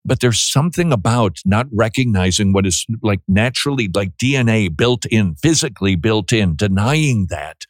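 A man with a lowish voice hosts a call-in radio show, speaking bluntly and preachily. He stumbles and restarts his sentences as he goes. His voice is close and dry, with no room sound. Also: expressive, moderate pace, hardly any pauses, no echo. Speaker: radio host.

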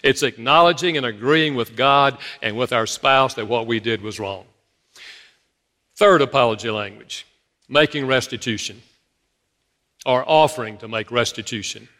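A man preaching a sermon to his congregation, telling stories from his own marriage in a lively storytelling manner. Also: mid-range voice, moderate pace, long pauses. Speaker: pastor. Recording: long reverb of a large hall.

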